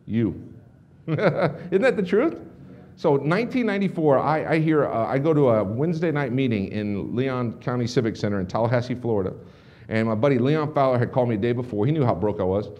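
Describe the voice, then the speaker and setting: A rapid-fire, middle-aged male speaker tells a lively keynote story from a conference stage. His tone is dark and mellow. He acts out every bit of dialogue with quick restarts and asides. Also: medium pitch, dull audio. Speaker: motivational speaker presenting to a business audience. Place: conference stage before a large audience.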